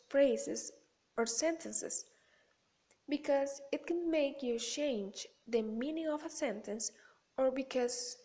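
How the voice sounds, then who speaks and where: A woman with a high voice reads a class presentation aloud. Her pace is slow and measured, each phrase set down with care. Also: warm tone. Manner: careful, measured reading.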